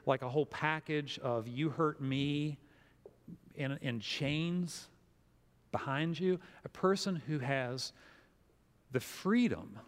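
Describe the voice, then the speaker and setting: Animated preacher man in a reverberant hall. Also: fairly high pitch, slow, long pauses. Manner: animated storytelling with acted-out quotes. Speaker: pastor. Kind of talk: sermon.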